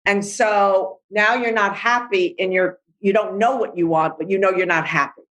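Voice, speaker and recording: A woman's voice: medium pitch, fairly even intonation, normal speed, a bit bright, poor audio. A middle-aged woman life coach, speaking bluntly and animatedly in a podcast interview, acting out voices as she talks.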